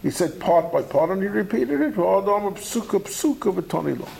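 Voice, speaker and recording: Giving a Talmud study lecture, this man speaks animatedly and conversationally, performing the texts he quotes. His high, gravelly voice moves at a moderate pace, and the audio is poor.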